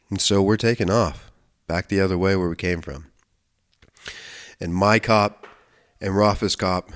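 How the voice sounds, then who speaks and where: A man from the United States with a somewhat low voice tells a personal story on his podcast. He talks casually and swears freely, often restarting sentences and correcting himself as he goes. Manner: rambling, profane, frequent restarts and self-corrections. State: emotional, near tears at times. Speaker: podcast host.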